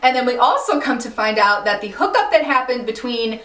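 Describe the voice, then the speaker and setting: A woman casually recapping a TV finale, animated and slangy, exclaiming and laughing as she tells it. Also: on the high side, fairly quick, distant mic. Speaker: recap vlogger. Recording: echoey room, a bit off-mic.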